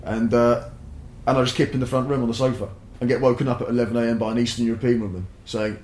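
A man's voice: mid-range voice, fast talker, few pauses, a little hiss or hum. Young man, casual swearing storyteller, roomy echo on the recording. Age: young adult. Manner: sweary, rambling, animated. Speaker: podcast guest.

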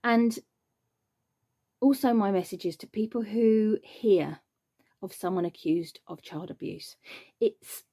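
An earnest woman tells her story as a mother in a mellow, warm tone. She speaks emphatically and reflectively, rising when she makes a point. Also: mid-range voice, slow, long pauses, husky. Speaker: mother sharing her experience. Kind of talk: personal testimony.

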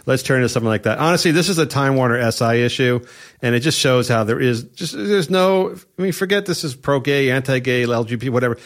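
A man's voice: mid-range voice, expressive, fast. Crude joking man hosting a chat. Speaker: podcast host. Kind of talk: casual comedic chat.

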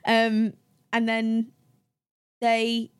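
A young woman, a guest on an interview show, telling anecdotes in a lively, chatty way and acting out the people she quotes with a raised voice and frequent laughs. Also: a little high, extremely slow, clear, resonant tone. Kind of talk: casual interview chat.

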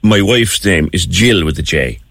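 A middle-aged Irish man presenting a casual radio chat show, teasing and easygoing, with halting restarts. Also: low voice, animated, fairly bright tone, dry recording, studio quality.

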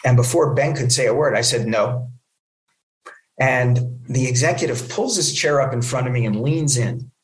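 Animated storytelling man, echoey room. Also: medium pitch, normal speed, few pauses, slight background noise. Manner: animated storyteller acting out quoted voices. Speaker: guest, film producer. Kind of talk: storytelling in an interview.

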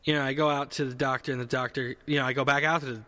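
Bright-voiced man telling a rambling story. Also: medium pitch, level tone, racing, long reverb tail. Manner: rambling, self-correcting, swears freely. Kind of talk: casual comedic storytelling.

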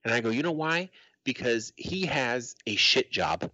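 A man's voice: medium pitch, expressive, measured pace, bright, forceful tone, no room sound, dull audio. A middle-aged man from Arizona telling a story in casual podcast chat, swearing freely and acting out the quotes. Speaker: podcast co-host.

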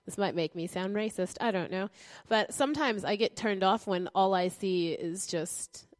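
A woman co-hosts a casual chat, telling stories about her acting work. She is animated and often laughs mid-sentence. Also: medium pitch, normal speed. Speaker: actress and co-host.

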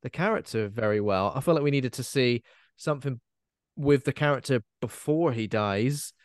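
Casual male podcast co-host, mid-pitched, rambling and chatty, close dry mic. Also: dry recording. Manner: chatty, rambling, quick to laugh. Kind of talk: casual film chat.

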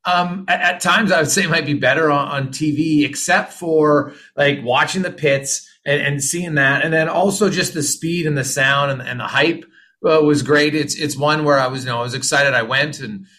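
Middle-aged Canadian podcast guest, rambling and friendly, bright edge. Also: male voice, fairly high pitch, moderate pace. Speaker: hockey journalist guest. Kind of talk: casual interview answers.

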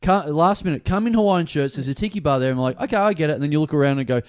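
An Australian man with a high voice, ribbing his friends in casual podcast chat. His jokes come quick and dry. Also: clear, resonant tone.

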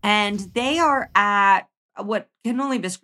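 A woman's voice: mid-range voice, slow pace, bright, forceful tone. Chatty woman co-host. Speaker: podcast co-host. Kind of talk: casual chat recapping a TV show.

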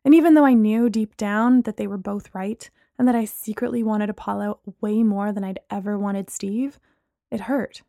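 A woman's voice: medium pitch, steady tone, moderate pace, dark tone, no echo, studio quality. A woman in her twenties narrating a first-person audiobook story expressively.

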